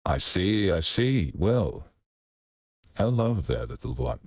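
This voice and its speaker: A man speaking gently and reassuringly in character at a tabletop game. His voice is very deep and husky. The sound is dry and close. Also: big pitch swings, takes it slowly, dry recording. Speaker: player. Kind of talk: in-character tabletop role-play.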